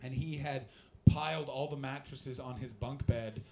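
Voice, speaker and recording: Young canadian guy doing stand-up, raspy fry in his voice, talks loose and animated. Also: medium pitch, normal speed, a little hiss or hum. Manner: loose, profane, animated storytelling. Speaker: stand-up comedian. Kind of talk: stand-up crowd work and storytelling.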